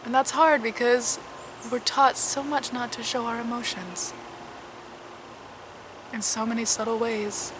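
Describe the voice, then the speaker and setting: A middle-aged woman who is unwell and worn out, talking candidly in a personal vlog, halting, sometimes soft and sometimes loud. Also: on the high side, fairly even intonation, background noise. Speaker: vlogger.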